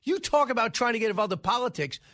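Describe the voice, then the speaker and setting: A man's voice: very high voice, lively intonation, fast, fairly bright tone. A man hosting a talk radio show, giving emphatic, scoffing political commentary into a studio microphone. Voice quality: emphatic, scoffing, frequent uh fillers.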